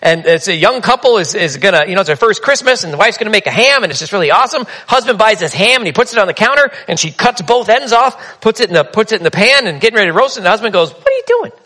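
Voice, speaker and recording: A man's voice: high voice, lively intonation, fast, few pauses, pushed and bright. A man preaching a sermon in a conversational, humorous storytelling manner. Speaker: pastor.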